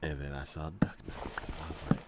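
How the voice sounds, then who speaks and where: A man's voice: extremely low pitch, fast, heavy background noise. A man hosting a gaming stream, chatting casually and laughing often as he retells stories. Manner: laughs often, retells scenes in animated voices. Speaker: gaming channel host. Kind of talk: casual chat while gaming.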